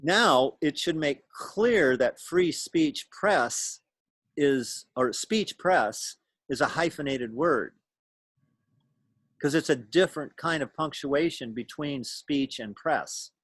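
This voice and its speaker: A man's voice: fairly high pitch, expressive, slow, fairly bright tone, slightly rough, dry recording. A man teaching a class over a video call, explaining things patiently and thinking aloud as he goes. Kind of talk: lecture to a class.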